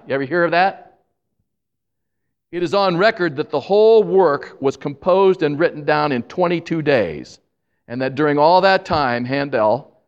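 Male pastor, slightly higher voice, lively preaching delivery with asides to the congregation. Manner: animated, jokes with the congregation; admits he talks fast when excited. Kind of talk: sermon.

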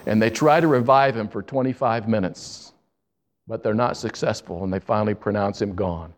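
Man telling an earnest sermon story. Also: lowish voice. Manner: earnest storyteller who acts out the quotes, slowing for emphasis.

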